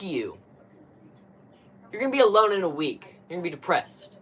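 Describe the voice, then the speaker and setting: A man's voice: on the high side, very animated, normal speed, pauses often, a bit bright. A young man streaming live, chatting casually in a crude, slangy, ranting way full of swearing.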